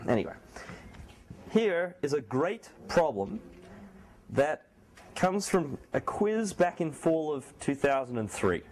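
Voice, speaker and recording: A man lecturing a university class in a small room, speaking quietly with a sore throat and making joking asides to his students. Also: a little high, big pitch swings, slow, pauses often. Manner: speaks softly, not loudly.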